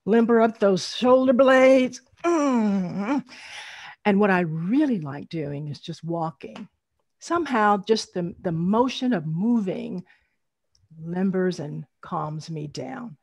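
Animated, slow-talking woman. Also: mid-range voice. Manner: encouraging, animated, laughs often. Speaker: storytelling workshop presenter. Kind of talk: online workshop teaching. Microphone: video call.

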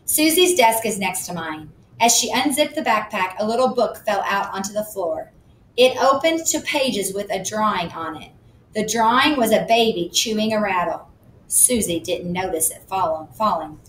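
A woman reads a children's chapter book aloud in the first person, plain and matter-of-fact, at a middle pitch. The room is echoey, with a faint low rumble in the background. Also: expressive, moderate pace. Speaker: audiobook narrator.

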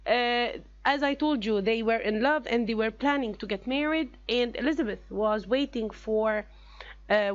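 Egyptian lady teacher recapping a story for kids, highish voice, kinda dull lo-fi sound. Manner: explains step by step with many pauses and fillers. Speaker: English teacher. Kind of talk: classroom reading lesson.

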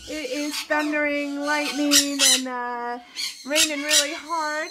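Lady at home baby-talking her pet birds, super high voice, slow, birds squawking loud behind. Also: heavy background noise. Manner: coos to her pet birds in doting baby talk, squealing when excited. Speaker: vlogger, bird owner. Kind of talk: casual home vlog. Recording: loud bird squawks throughout.

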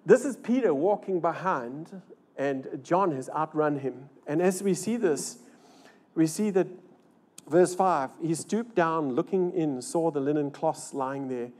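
A man's voice: animated, measured pace. Older man preaching with dramatic swings. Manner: dramatic, swings between loud rises and hushed low lines; asks the crowd rhetorical questions. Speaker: pastor. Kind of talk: sermon. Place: church service.

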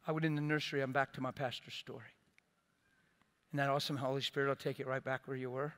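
A middle-aged man preaching a sermon as a pastor, earnest and impassioned, swinging between loud bursts and quiet, soft asides. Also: medium pitch, little pitch movement, quick pace, clear, resonant tone.

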